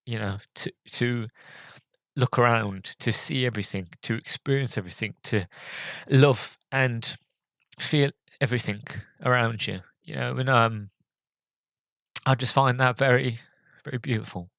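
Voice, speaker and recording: In a dry recording, a podcast host with a creaky, slightly bright mid-range voice reviews a movie. He speaks haltingly with lots of fillers and sounds choked up with emotion.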